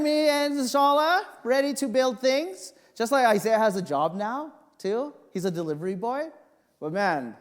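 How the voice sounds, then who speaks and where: A male pastor preaching a sermon, telling personal stories in an animated, joking way. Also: high voice. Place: church sanctuary. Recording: long reverb of a church hall.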